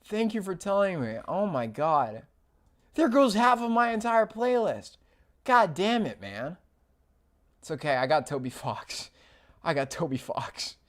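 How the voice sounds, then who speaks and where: A young man streaming casually as an animator, rambling with fillers and swinging from low mumbles to loud, excited yelps. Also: measured pace, long pauses. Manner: rambling with many fillers and restarts. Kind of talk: casual livestream chat. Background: faint music.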